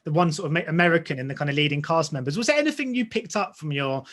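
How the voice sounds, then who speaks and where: A male interviewer asks questions with quick enthusiasm. He talks fast, in a fairly high voice. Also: animated, fairly bright tone. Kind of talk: entertainment interview.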